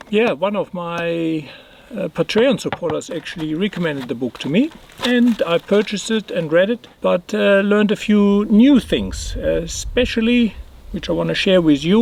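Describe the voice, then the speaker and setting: A man narrating an outdoor travel vlog in a desert gorge, relaxed and rambling with lots of ums and uhs. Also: a little high, creaky, rough recording. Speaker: 4WD travel vlogger. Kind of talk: casual on-camera narration.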